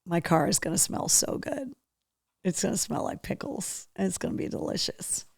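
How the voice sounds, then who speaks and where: A woman hosting a casual live show, chatty and excitable, talking to her dog between opening gifts from fans. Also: medium pitch, moderate pace, vocal fry, dry recording, studio quality. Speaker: host.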